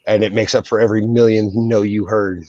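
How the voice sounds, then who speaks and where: A man's voice: lowish voice, little pitch movement, a little fast, darkish tone, dry recording. A young man talks brashly in a loose, profane, joking way as he co-hosts a casual chat. The recording is dry, with a slightly dull sound. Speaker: coin channel co-host.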